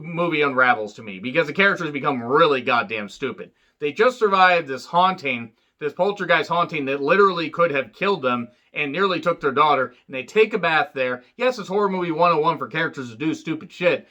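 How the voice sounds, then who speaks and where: A man's voice: sharp tone, dull audio. A man casually recapping and reviewing a film, rambling and profane, with many fillers and wisecracks. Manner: jumps up in pitch when acting out quotes. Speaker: movie reviewer.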